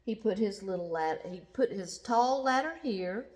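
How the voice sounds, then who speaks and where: A woman reading a children's picture book aloud, slowly and expressively, with sound effects. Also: mid-range voice, expressive, a little mellow. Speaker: storyteller.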